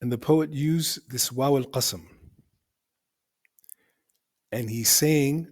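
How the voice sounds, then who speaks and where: Man, teacher, methodical lesson on Arabic poetry grammar, mid-pitched voice, repeats points for emphasis. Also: takes it slowly, long pauses, a little mellow, slightly rough.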